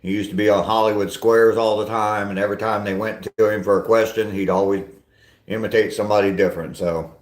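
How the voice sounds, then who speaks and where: An older man rambles chattily through a casual walking live stream, poking fun at himself as he answers viewers. His voice is on the low side, and it carries an echoey, roomy ring. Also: steady tone, brisk. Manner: rambling, chatty, self-deprecating. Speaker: vlogger reading live chat.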